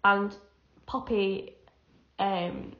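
A woman's voice: mid-range voice, extremely slow. Giggly woman in an echoey room. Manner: animated, jittery, giggly. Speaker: podcast co-host. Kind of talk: casual chat. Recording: echoey room, dull lo-fi sound.

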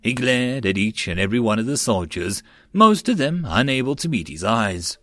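A man reading a web novel aloud as an audiobook narrator in a steady way. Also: medium pitch, moderate pace, dry recording.

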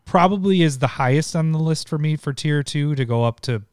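A man co-hosting a casual card-game discussion, relaxed and often laughing, sometimes reading card text aloud. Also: on the high side, fairly quick, clean tone, no echo, clean studio sound. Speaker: podcast co-host.

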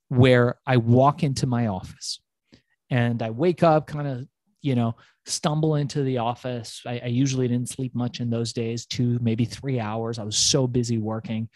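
Animated middle-aged man telling a story. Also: medium pitch, dry recording. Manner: animated storyteller who acts out dialogue, swears freely. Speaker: guest. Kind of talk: casual storytelling interview.

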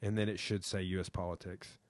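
Man, young adult, podcast host, deep low voice, dry sound, rambling, filler-heavy, swearing. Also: flat delivery, a little fast, no room sound. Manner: rambling, lots of fillers and profanity. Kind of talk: casual chat.

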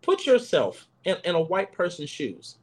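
Young man panelist, high lively voice, swearing freely as he riffs and backtracks. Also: normal speed, husky. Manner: profane, animated riffing with many restarts. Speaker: podcast panelist. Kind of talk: casual chat.

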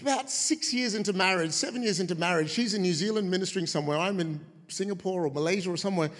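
A high-voiced man preaching a lively, story-filled sermon, breaking into a high shout when he plays the people in his stories. His voice carries through a church auditorium with a long reverb. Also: fast. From of Indian heritage. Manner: animated, acts out quoted voices in a high shout. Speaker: guest preacher.

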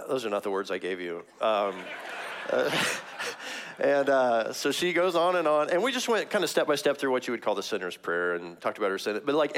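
A Missouri pastor in middle age preaches from a church sanctuary in a relaxed, chatty style, laughing often and using many fillers. His voice is a bit bright and rises in pitch whenever he acts out a story.

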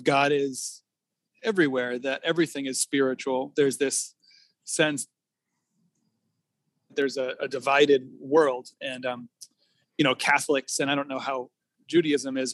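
Male pastor on a podcast, reflective, dry humor, pauses a lot, dry close sound. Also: mid-range voice, a bit bright, no room sound. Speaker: Christian pastor. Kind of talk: casual conversation about faith.

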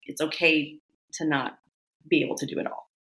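A woman's voice: fairly even intonation, moderate pace, fairly bright tone. A woman talking casually as a podcast guest. She tells candid, personal stories and lifts her voice when she acts out what she was thinking at the time. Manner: candid, acts out quoted thoughts in a higher voice. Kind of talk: casual chat.

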